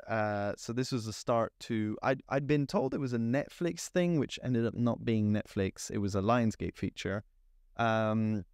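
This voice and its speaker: A man's voice: on the low side, no echo. Young guy telling a story on a podcast, dry close sound, lots of uh and restarts. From France. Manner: lively anecdotal telling with fillers and restarts. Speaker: guest, cinematographer. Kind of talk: casual storytelling interview.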